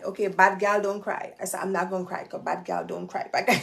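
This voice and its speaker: A woman's voice: medium pitch, fairly even intonation, brisk, fairly bright tone. A middle-aged woman, hosting a live stream question-and-answer session in a chatty, direct way, calling her viewers y'all. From Florida. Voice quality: creaky.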